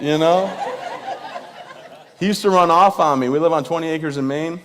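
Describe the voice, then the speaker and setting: A man's voice: a little high, fairly even intonation, moderate pace, long pauses, noisy background. Joking veteran man telling stories on stage. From Michigan. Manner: joking, self-deprecating, playful; addresses the audience directly. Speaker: veteran speaker. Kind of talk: stand-up comedy storytelling.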